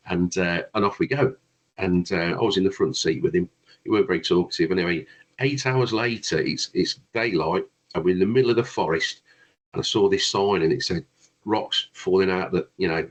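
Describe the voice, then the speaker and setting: A man's voice: on the low side, slightly rough, rough recording. A man, a guest brass player, telling long rambling anecdotes in a casual chat, with frequent restarts.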